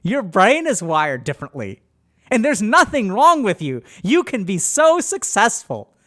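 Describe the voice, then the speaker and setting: This is a sugary, over-reassuring parent whose cheerfulness hides fear, as a commentator puts the voice on. The voice is raised, loud and bright. Every word comes out pushed and overly sweet. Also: medium pitch, huge pitch swings, a little slow. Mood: forced cheer.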